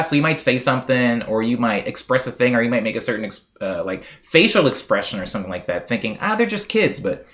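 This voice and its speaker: This young American streamer drifts from one story to the next, reading messages aloud as he goes. Each sentence rises and falls in a lively, wide-ranging pitch, and his rambling, playful chatter is packed with filler words.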